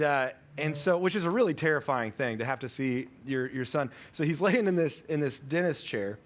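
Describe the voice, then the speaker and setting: A man in his thirties preaching a sermon as pastor, telling a family story conversationally and correcting himself as he goes. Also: mid-range voice.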